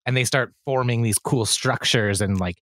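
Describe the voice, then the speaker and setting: A man's voice: mid-range voice, moderate pace, fairly bright tone, no room sound, clean studio sound. A man in casual podcast chat, joking and laughing as he recaps a film over a call mic. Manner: jokey, laughing, talks over others. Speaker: podcast guest. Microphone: remote call mic.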